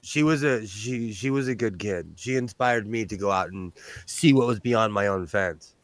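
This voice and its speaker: A man's voice: fairly low pitch, normal speed, no room sound. A man chatting casually on a show as a guest, rambling and self-mocking, breaking into laughs often. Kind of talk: casual chat.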